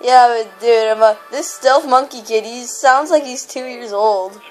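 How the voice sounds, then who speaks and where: Giggly high-voiced woman gamer trash-talking. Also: a little slow, soft background music. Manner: giggly, teasing, trash-talking other players. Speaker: gamer recording online match. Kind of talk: excited gameplay commentary.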